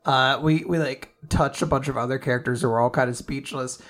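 A man co-hosting a podcast, recapping comic chapters as an animated storyteller who laughs often. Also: mid-range voice, a little fast. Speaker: podcast co-host. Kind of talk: casual chat, recapping comics.

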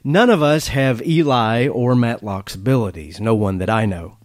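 A man preaching a sermon as pastor, telling stories, asking the listener questions and pausing for effect. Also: medium pitch, no echo, studio quality. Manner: storytelling with dramatic pauses and rhetorical questions. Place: church, filmed for online streaming. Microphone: camera setup.

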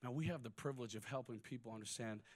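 A man preaching a sermon, moving between quiet personal stories and loud, rising exhortation. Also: mid-range voice, fast. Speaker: pastor.

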